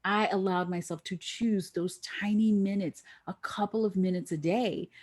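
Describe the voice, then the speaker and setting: A middle-aged woman guest telling a lively story in a podcast interview, acting out the voices of the people she quotes. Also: moderate pace. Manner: animated, acts out quoted voices with big pitch jumps.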